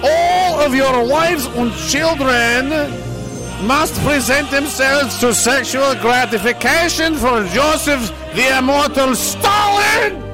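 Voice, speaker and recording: Guy doing a mock russian commie governor, pompous, slow, voice pushed way up. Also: very high voice, over music, pitched above the performer's own voice, rough recording. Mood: pompous decree. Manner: slow, grandiose decree-reading. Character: pompous male communist governor, grandiose and menacing.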